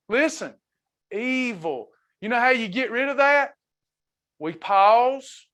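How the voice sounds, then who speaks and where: Fervent high-voiced preacher man. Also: expressive, takes it slowly, a bit bright. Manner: fervent preaching, reading out member comments. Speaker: wellness ministry leader. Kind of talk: preaching to a live online class.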